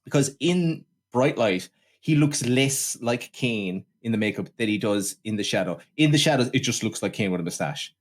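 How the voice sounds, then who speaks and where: A man riffs through a casual film review on a podcast. He rants animatedly, swears often and slips into little acted-out quotes. His voice sits at an ordinary middle pitch. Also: animated, moderate pace. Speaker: podcast co-host.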